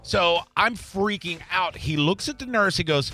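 A middle-aged man with a bright, forward voice talks casually as host and tells his stories with energy. He slips into other people's voices as he retells them. Soft music sits faintly underneath. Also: high-pitched, a little slow. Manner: animated storyteller, acts out quoted voices. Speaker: podcast host. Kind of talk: casual chat, storytelling.

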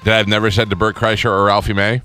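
A man's voice: lowish voice, little pitch movement, fast talker, bright, forceful tone, soft background music. A man hosting a radio show, teasing and trash-talking a guest in casual banter.

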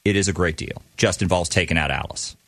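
A man's voice: low-pitched, fairly quick, a bit bright, no echo, clean studio sound. A man co-hosting a radio show, talking in a joking, teasing way. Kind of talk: morning radio banter.

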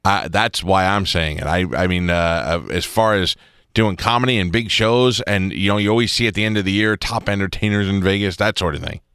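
A man's voice: on the low side, steady tone, brisk, a bit bright, clean tone, dry recording, studio quality. A man hosting a radio show, teasing his guest in a rambling way with many restarts. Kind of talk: casual radio interview. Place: radio studio. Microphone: studio microphone.

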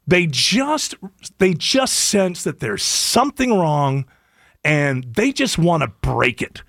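A man's voice: on the high side, very animated, takes it slowly, creaky, fairly bright tone, dry recording, clean studio sound. A man hosting a talk radio show, giving wry, sarcastic opinions in casual comedic banter.

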